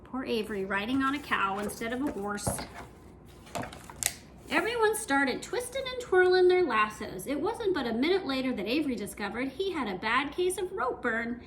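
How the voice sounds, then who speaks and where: Expressive woman reading a kids' book aloud, high and animated. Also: normal speed, a little hiss or hum. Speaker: reader. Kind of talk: reading a children's storybook aloud.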